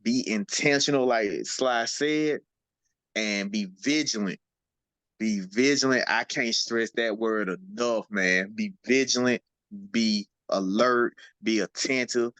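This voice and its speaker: A man's voice: lowish voice, slow pace, fairly bright tone, dry recording. Laid-back man co-hosting a podcast. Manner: laid-back, many "you know what I'm saying" fillers. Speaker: podcast co-host. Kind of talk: casual podcast chat.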